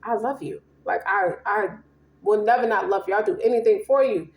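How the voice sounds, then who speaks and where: A woman's voice: mid-range voice, brisk, echoey room. A woman giving a casual tarot reading, slangy and profane, rambling and emphatic. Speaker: tarot reader.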